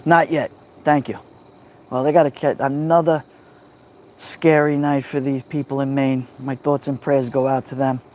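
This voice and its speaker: A man with a New York accent hosting a relaxed livestream from a backyard fire pit at night, greeting viewers by name on a phone. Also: mid-range voice, normal speed. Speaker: livestream host. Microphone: phone held near the fire.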